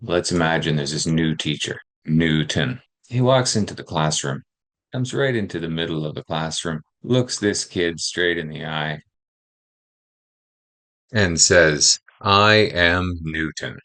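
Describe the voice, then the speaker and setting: A man narrating instructional guidance for teaching, speaking in a calm, explanatory way. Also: a bass voice, normal speed. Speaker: teacher trainer.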